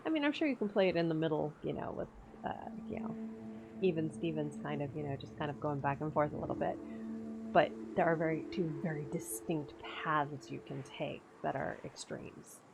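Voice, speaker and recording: A woman's voice: sits low, lively intonation, moderate pace, vocal fry, background noise. A woman streamer chatting casually over gameplay, laughing often and swearing freely. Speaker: game streamer.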